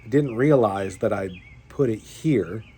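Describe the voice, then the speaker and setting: A man's voice: on the low side, measured pace, very noisy. A young man, a fishing vlogger, rambling through a story of a bad day in casual chat, with many fillers and restarts. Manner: rambling, self-deprecating, full of fillers and restarts.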